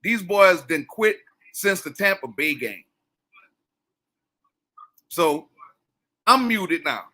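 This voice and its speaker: A man's voice: sits high, big pitch swings, slow, pauses often, pushed and bright, rough recording. A man, co-hosting a casual sports podcast and rambling with lots of "you know" and "bruh". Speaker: podcast co-host.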